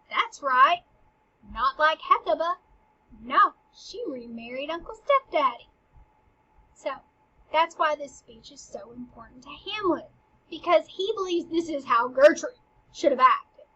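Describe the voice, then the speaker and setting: High-voiced woman, chatty explainer. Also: sing-song, measured pace, pushed and bright, muffled recording. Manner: chatty, uses "like" a lot. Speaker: teacher. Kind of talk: casual explanation of a play.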